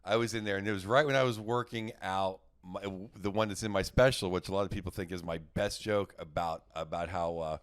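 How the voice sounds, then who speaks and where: A man's voice: low voice, steady tone, fairly quick, few pauses, clear, resonant tone. A middle-aged man, a guest comedian, telling rambling stories in casual chat and acting out what people said. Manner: rambling, restarts and acts out quotes. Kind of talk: casual storytelling.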